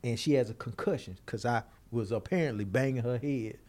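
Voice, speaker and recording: A man casually telling a comedic story, animated and acting out the people in it. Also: medium pitch, fairly quick. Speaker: storyteller on a podcast.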